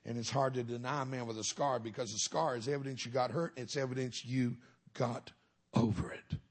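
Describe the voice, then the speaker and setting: A man's voice: medium pitch, steady tone, a little fast. A middle-aged man, a minister giving a humorous testimony sermon in a folksy storytelling way with punchlines.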